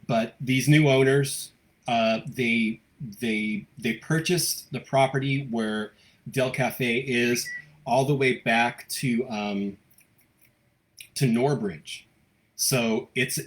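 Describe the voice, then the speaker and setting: A man hosting a live local news stream, chatting casually and reading out viewer comments, with many fillers and restarts. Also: medium pitch. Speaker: host of a local news livestream.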